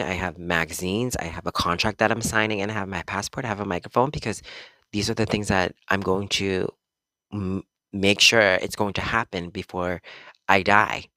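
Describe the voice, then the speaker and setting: Guy doing his podcast from home, lowish voice, dry sound, rambles and swears a bit but means it. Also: bright, forceful tone, no room sound. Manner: rambling and earnest, with fillers and swearing. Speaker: podcast host and psychic medium. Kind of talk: casual motivational monologue. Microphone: small podcast microphone.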